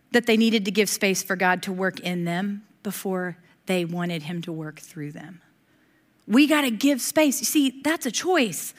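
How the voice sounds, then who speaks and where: A middle-aged woman preaching a sermon in a conversational, lively way, with a lot of asides and quick laughs. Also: mid-range voice.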